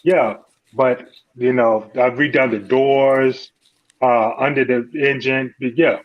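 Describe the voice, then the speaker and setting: A man's voice: mid-range voice, fairly even intonation, takes it slowly, muffled recording. A man in a casual car talk, hesitantly defending work he did on his own car. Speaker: car owner panelist. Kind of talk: casual group discussion.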